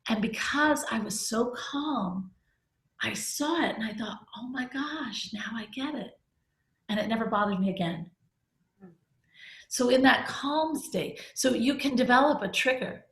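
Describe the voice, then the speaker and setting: Telling a personal story while she leads a group discussion, this middle-aged woman is candid and chatty, with false starts and laughter. She speaks a little slowly in an expressive, higher-pitched voice, recorded in an echoey space.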